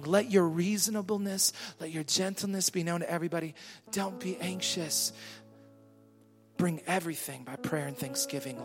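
A man, a pastor, preaching a sermon with call and response to a congregation, swinging between loud shouting and quiet murmuring. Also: a little high. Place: church hall with a congregation. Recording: live hall with long reverb and soft music.

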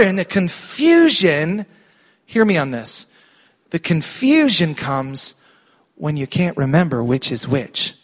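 A man's voice: sits high, sing-song, moderate pace. A middle-aged male pastor preaching a sermon in church, emphatic and calling on the congregation to respond.

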